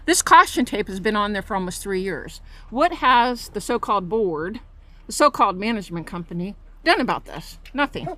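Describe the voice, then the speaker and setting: This woman's medium-pitched voice is bright and forceful, with lively intonation and a moderate pace. She holds her phone camera while walking through her residential park, indignantly accusing and pointing out problems for a complaint-filled vlog.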